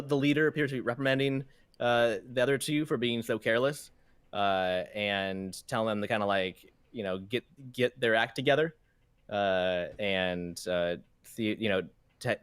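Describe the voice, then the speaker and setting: Low-voiced halting game master, man. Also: a bit bright, clean tone, no echo. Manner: halting, heavy with fillers. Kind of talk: narrating a tabletop game.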